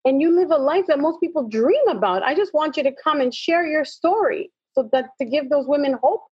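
A middle-aged motivational speaker, appearing as an interview guest, tells her personal story in a high, brisk voice. She acts out the dialogue in animated fashion; the audio is dull and lo-fi, without echo.

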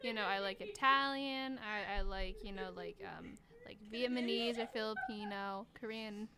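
A woman's voice: mid-range voice, moderate pace, a loud crowd. A woman chatting casually on a podcast, giggly and rambling, often restarting her sentences, with a northern American accent. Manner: giggly, rambling, self-interrupting. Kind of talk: casual chat.

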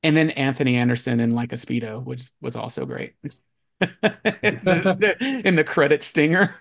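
A man co-hosting a casual movie podcast, excitable and gushing, often breaking into laughter. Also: a little high, unhurried, gravelly. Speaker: podcast co-host. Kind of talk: casual movie-review chat.

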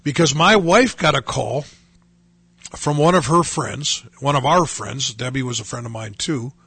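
Gravelly man in his sixties telling his story. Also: medium pitch, a little slow, a bit bright. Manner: rambling, with many restarts, speaking straight to the listeners. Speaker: speaker sharing his testimony. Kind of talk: personal faith testimony.

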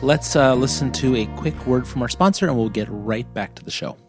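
A man co-hosting a podcast, chatting casually and joking, animated as he pitches to listeners. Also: a little fast, music in the background. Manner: jokey, animated, plugs with mock urgency. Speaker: podcast co-host.

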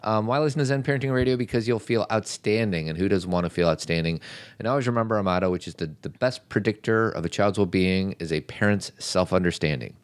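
Deep-voiced playful male podcast host. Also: fast talker, no room sound. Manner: playful, joking, riffs on movie lines. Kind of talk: casual chat.

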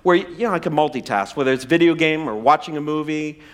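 A pastor in his forties, with a fairly high-pitched voice and a quick pace, preaches a sermon. His delivery is conversational and humorous, sprinkled with self-deprecating asides.

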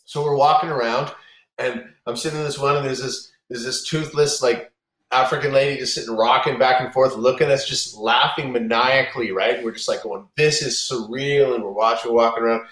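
His mid-range voice is brisk, steady, and fairly bright as he relates a long story from the road in casual talk. Rambling and full of profanity, he often starts his sentences over; the sound echoes around the room.

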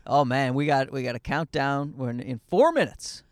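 A man's voice: medium pitch, animated, moderate pace, no echo, clean studio sound. A man in his thirties hosting a podcast in casual chat from a parked car, rambling, joking and losing his train of thought. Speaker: podcast host. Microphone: handheld mic into a portable recorder.

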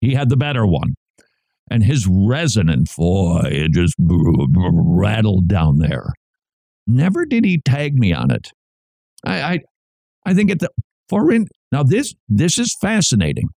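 A man's voice: fairly low pitch, huge pitch swings, measured pace, dark tone, no echo. A man hosting a Christian radio show, talking in an earnest, preacherly way with emphatic repetition into a studio mic. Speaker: radio host. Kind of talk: radio commentary.

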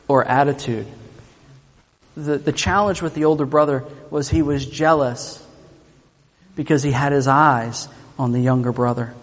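A male pastor preaches with a fairly high, animated voice. He tells the story with playful jokes and quick asides. His words trail off into a long church-hall reverb. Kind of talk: sermon.

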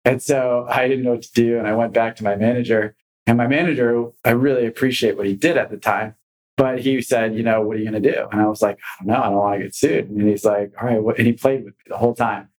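A man's voice: medium pitch, fairly even intonation, fast, darkish tone, poor audio. A man on a podcast tells a story with energy. He acts out the people he quotes. His voice sits in an ordinary middle range. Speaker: guest; commercial real estate broker.

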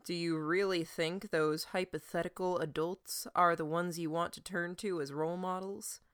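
A woman voicing a calm, firm teenage boy who speaks in a level, matter-of-fact way. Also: fairly low pitch, normal speed, clean tone, dry recording, clean studio sound, lightly acted.

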